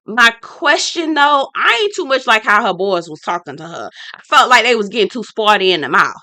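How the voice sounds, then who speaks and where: Sassy woman doing a reality tv recap, crisp bright voice, dry close sound, keeps repeating herself for effect. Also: fairly high pitch, big pitch swings, a little fast, no echo. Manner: blunt, sassy, talks straight to viewers; emphatic, repeats points for effect. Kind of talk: casual reality-show review vlog.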